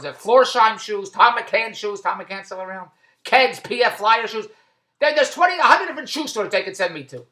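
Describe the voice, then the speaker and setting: Rambling man, bright animated voice. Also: very high voice, echoey room. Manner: repetitive, tangential, with loud self-promoting plugs. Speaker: vlogger and online business owner. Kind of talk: rambling casual vlog. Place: shopping mall.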